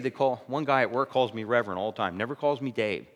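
Animated preacher man in a reverberant hall. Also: mid-range voice, fast talker, hardly any pauses. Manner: conversational storytelling, rising to loud emphatic peaks. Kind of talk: sermon.

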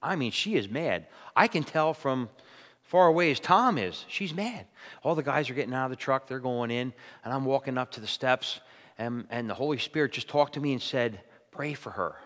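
A middle-aged man preaching a sermon, telling stories in a conversational way that climbs to loud, emphatic peaks. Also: mid-range voice, lively intonation, normal speed. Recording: long hall reverb.

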